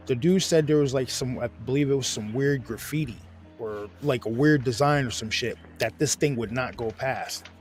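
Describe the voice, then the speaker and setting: A man's voice: fairly high pitch, darkish tone. A man with a New York accent hosting a casual chat, telling a long story with restarts and cursing. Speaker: host.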